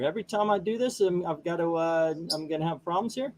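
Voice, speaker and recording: A folksy, rambling man hosting a comic book channel, talking casually as he reads. His voice sits a little high for a man. He mutters and grumbles at the screen between panels. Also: quick pace, darkish tone, slight background noise.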